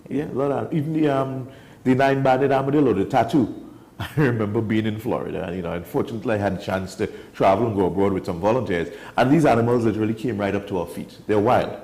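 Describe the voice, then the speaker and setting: Animated man telling stories. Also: fairly low pitch, fast talker. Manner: animated storyteller, emphatic. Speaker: wildlife guest. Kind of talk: casual studio chat. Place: TV studio.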